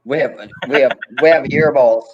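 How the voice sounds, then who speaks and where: In dull, lo-fi audio, a male livestream co-host with a mid-range voice speaks at normal speed. He teases a caller in dry, casual chat.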